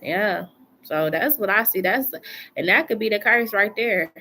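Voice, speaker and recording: A woman's voice: medium pitch, animated, a little slow, bright, forceful tone, a little hiss or hum. A woman doing a casual live tarot reading from home, chatty and colloquial, repeating phrases for emphasis. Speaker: tarot reader.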